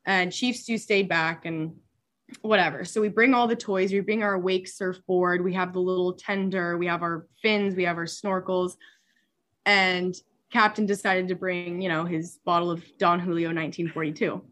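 A young woman who works as a superyacht stewardess tells a story in casual chat. Her voice is fairly low and her pace moderate; she is animated, laughs, and uses many filler words.

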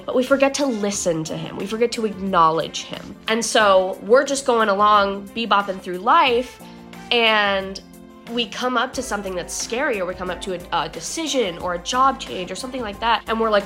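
A woman's voice: medium pitch, moderate pace, fairly bright tone, soft background music. Chatty young woman hosting a devotional. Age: young adult. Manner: chatty, upbeat, uses "like" a lot. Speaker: podcast devotional host. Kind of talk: casual devotional talk.

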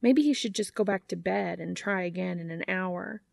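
A woman's voice: fairly low pitch, moderate pace, gravelly, a little mellow, no room sound. A woman narrating fan fiction aloud in a wry, dry storytelling manner.

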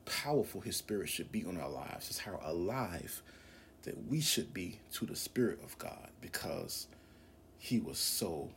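A man's voice: deep voice, fairly bright tone, a little hiss or hum. A man preaching and praying fervently to his listeners, impassioned, repeating phrases and dropping into whispers at times. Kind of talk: fervent spoken prayer and exhortation.

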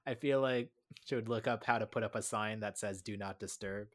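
A man's voice: on the low side, brisk. A man running a tabletop game, rambling casually with self-mocking asides and frequent laughs. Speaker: game master. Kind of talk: casual chat over a call.

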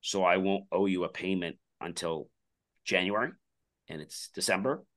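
Male podcast guest, deep bright voice, animated storyteller who plays out the back-and-forth in his anecdotes. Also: moderate pace. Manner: animated storyteller acting out quoted dialogue. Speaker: podcast guest, company founder.

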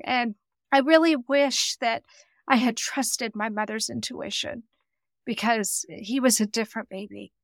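A woman's voice: a little high, measured pace, creaky, no room sound. A middle-aged woman telling an emotional personal story in an interview, earnest and quoting the people she speaks of. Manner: earnest, emotional, quotes others in dialogue. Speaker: guest.

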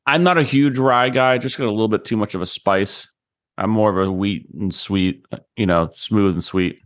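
A man's voice: on the low side, moderate pace, a bit bright. A man co-hosting a podcast, making short, easygoing remarks in casual chat. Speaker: podcast co-host.

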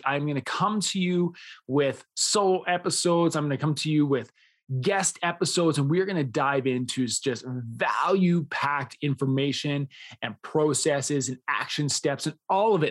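A man's voice: a little high, normal speed. A man in his thirties hosting a solo podcast, talking in an earnest, enthusiastic way, often smiling as he speaks. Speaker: podcast host.

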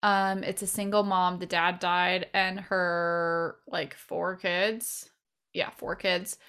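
A woman's voice: on the low side, level tone, takes it slowly, fairly bright tone, smooth. A young adult woman co-hosting a podcast, chatting casually and rambling with lots of fillers. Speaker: podcast co-host. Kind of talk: casual chat.

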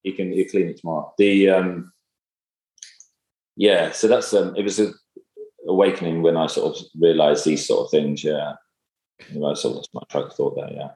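A man in casual conversation, speaking in a halting, reflective way with many fillers and restarts. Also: a bass voice, little pitch movement, vocal fry, warm tone. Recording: echoey room.

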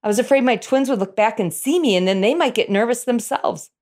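A middle-aged woman telling a personal story in an animated way, chuckling as she goes. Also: fairly high pitch, a little fast.

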